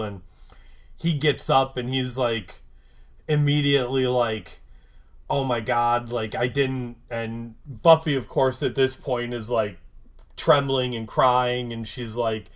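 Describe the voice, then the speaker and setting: Slow-talking rambling male podcast host. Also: mid-range voice. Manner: rambling, lots of "like" and "um"; gets worked up and emphatic. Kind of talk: casual episode recap.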